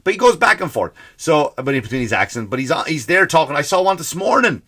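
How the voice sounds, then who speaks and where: A man's voice: fairly high pitch, fast talker, slightly rough. Profane ranting man, Irish-American accent. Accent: mixed Irish and American. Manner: profane, animated, exasperated ranting. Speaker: comedy podcast host. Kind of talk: ranting comedy podcast monologue.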